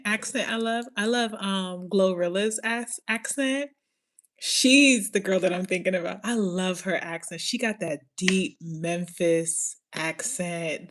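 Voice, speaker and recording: Slow-talking giggly woman. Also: medium pitch. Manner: giggly and excitable, laughs often; rambling with many fillers, breaks into playful accent impressions. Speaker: podcast host. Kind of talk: casual chat.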